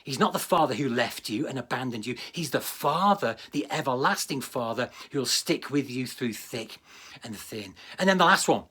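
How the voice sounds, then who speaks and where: A man's voice: medium pitch, expressive, fairly quick, hardly any pauses, sharp tone, breathy edge. A man preaching a livestreamed sermon, earnest and direct, often repeating words for emphasis. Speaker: pastor.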